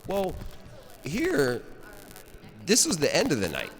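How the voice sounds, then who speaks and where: A man telling a long, profane story in a rambling, animated way, often laughing at himself. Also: a little high, extremely slow, faint music behind. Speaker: storyteller at a cannabis rally. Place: large stone rotunda, indoors. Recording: echoey rotunda with crowd.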